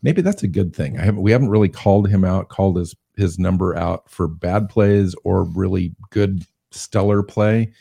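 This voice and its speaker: A man's voice: deep voice, normal speed, vocal fry, few pauses, mellow, slightly rough. A man co-hosting a sports podcast, chatting casually about football and asking his partner questions. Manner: asks questions, cites stats.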